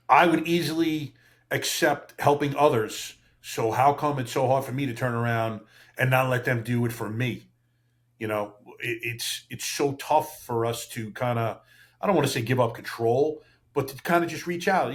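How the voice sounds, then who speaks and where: A man in his fifties, a retired cop, reflecting frankly in casual podcast chat and swearing now and then. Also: mid-range voice. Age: 50s. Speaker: podcast guest, retired police officer.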